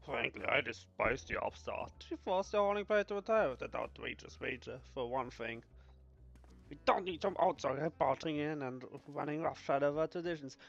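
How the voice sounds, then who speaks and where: A man voicing a haughty, scornful man who disdains outsiders, speaking slowly and coldly. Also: on the high side, expressive, creaky, a bit bright, lo-fi sound, pitched below the performer's own voice, full character voice.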